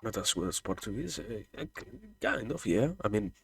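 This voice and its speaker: Gravelly low-voiced Argentine man. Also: sing-song, moderate pace, a bit bright. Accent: Argentine Spanish. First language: Spanish. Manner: hesitant, many fillers and restarts. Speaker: streamer. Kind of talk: casual chat with viewers.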